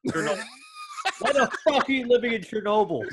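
A man's voice: extremely high pitch, lively intonation, crowd noise. A man co-hosting a casual movie commentary, joking and swearing with his friends. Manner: jokey, profane, quick to laugh. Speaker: podcast co-host.

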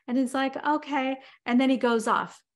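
A woman's voice: fairly high pitch, fairly even intonation, fairly quick. A woman giving a motivational talk, telling everyday stories in a conversational way with frequent "you know" fillers. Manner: conversational, many "you know" fillers, builds vivid scenarios. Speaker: motivational speaker.

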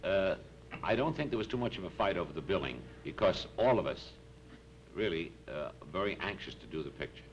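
A man's voice: low voice, animated, fairly quick. A man who is a comedic actor at a press interview, dry and joking, with a few fillers. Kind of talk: joking casual chat. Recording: dull, lightly noisy 1960s archive recording.

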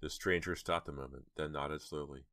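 A man narrating a horror audiobook in a steady, measured way. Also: rumbling low, dry recording, clean studio sound.

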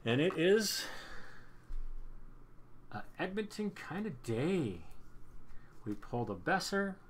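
A man's voice: a little high, sing-song, slow pace, slight background noise. A man casually narrating a hockey card box break as its host, chatty and upbeat, often repeating himself. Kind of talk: casual card-opening commentary.

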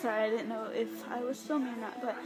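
High-voiced giggly young woman vlogging. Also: fast, poor audio. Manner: rambling, giggly and excitable. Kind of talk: casual vlog chat. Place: inside stores and a mall. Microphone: phone held while filming.

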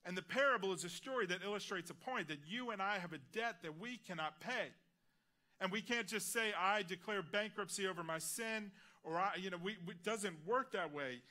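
A man delivers a heartfelt sermon in a church, telling his own story. His voice is bright and forceful and sits slightly high for a man. He drops to a hush on the lines he wants to land. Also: expressive, brisk. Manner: earnest, personal testimony, drops quiet on key lines. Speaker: guest preacher. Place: large church auditorium.

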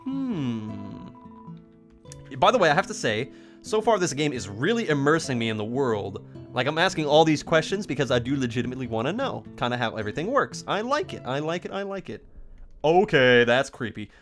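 A young man casually commenting on a game as he plays it, in a rambling, playful way with lots of quick reactions. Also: medium pitch, sing-song, fairly bright tone, soft background music. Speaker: let's play host. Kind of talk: casual let's play commentary.

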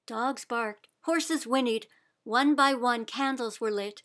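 A woman reading a children's picture book aloud with expressive, deliberate storytelling. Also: fairly high pitch. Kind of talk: read-aloud storybook narration.

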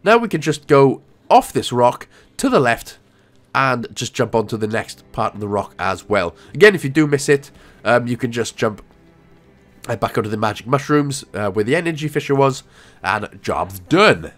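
A man's voice: mid-range voice, lively intonation, moderate pace, faint music behind. A young Welsh man giving casual, rambling gameplay walkthrough commentary with jokey asides. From Wales.

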